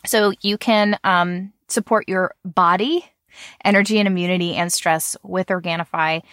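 A woman's voice: lowish voice, steady tone, normal speed, fairly bright tone, no room sound, clean studio sound. A woman in her thirties hosting a podcast, chatting casually with a slightly nasal voice from a cold. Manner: chatty, with fillers and light laughs. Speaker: podcast host. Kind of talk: casual podcast chat with a sponsor read.

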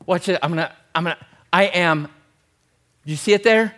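High-voiced animated man preaching. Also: a little fast. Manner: animated, jokey, talks straight to the congregation. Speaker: pastor. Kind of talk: sermon.

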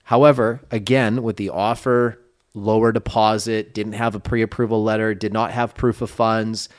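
A man with a fairly low voice co-hosts a coaching podcast. He talks in a casual, emphatic way and acts out short sample dialogues to make his points. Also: level tone, moderate pace. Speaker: podcast co-host, real estate coach.

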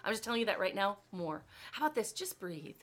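A middle-aged woman leads her team in a motivational talk with a bright, ringing voice. She tells her stories in an animated way, filling them with "like" and "right?" and breaking into laughter often. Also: medium pitch, very fast. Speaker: leadership coach speaking to her team.

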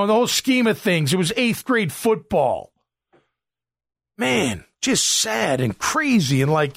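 A middle-aged man hosting a sports talk show, ranting in an animated, exasperated way. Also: high-pitched, vocal fry. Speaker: sports radio host.

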